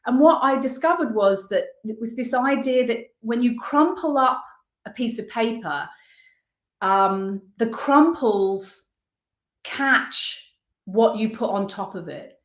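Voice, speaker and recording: A woman's voice: fairly high pitch, lively intonation. Earnest woman in an echoey room. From United Kingdom. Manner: earnest, reflective, halting as she searches for words. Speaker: guest artist. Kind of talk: personal storytelling interview.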